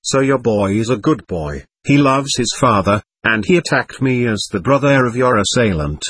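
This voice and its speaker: A man doing a gentle, sorrowful young man. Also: mid-range voice, expressive, moderate pace, slightly rough, dry recording. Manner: gentle, earnest, thoughtful.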